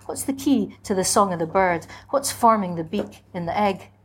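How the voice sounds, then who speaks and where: The ageless spirit of spring speaks in a lyrical, incantatory way, as a woman reads it aloud. There is a quiet menace under the flowing lines. The pitch is an everyday middle register, and the delivery has the measured pace of a dramatic literary reading. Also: lively intonation, slightly rough. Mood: lyrical, defiant.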